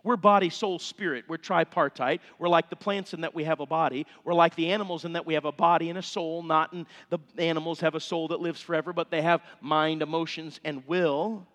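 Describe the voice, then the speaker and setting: A man's voice: fairly high pitch, steady tone, a little fast, hardly any pauses, a bit bright. A middle-aged male pastor, preaching a sermon with fervent, impassioned appeals in a church sanctuary. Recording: long reverb of a church hall.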